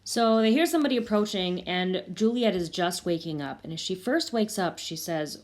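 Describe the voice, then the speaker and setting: A woman's voice: lowish voice, animated, normal speed, few pauses. A woman, probably a teacher, casually retelling a play scene and paraphrasing its lines in everyday words.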